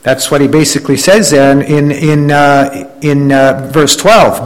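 A man's voice: a little high, unhurried, few pauses, poor audio. A man preaching a sermon in a conversational way, often restarting his phrases and acting out the people he quotes. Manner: conversational preaching with frequent restarts and "you know"; acts out quoted complainers in a raised voice. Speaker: pastor.

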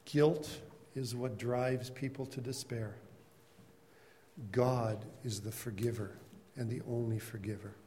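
A man's voice: medium pitch, fairly even intonation, takes it slowly, mellow, big-room sound, slight background noise. A man teaching a Bible class in a conversational storytelling way, calling on class members by name.

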